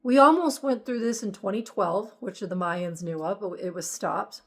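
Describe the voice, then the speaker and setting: A woman's voice: mid-range voice, moderate pace. A woman giving an emphatic, repetitive spiritual monologue as host of her channel.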